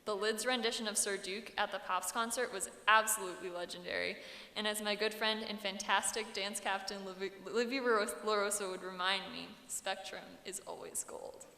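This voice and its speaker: A woman's voice: medium pitch, fairly even intonation, brisk, pushed and bright. A teenage girl giving an earnest, self-deprecating graduation speech at a podium microphone. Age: teens. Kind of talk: prepared commencement speech. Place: large hall. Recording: echoey hall with long reverb.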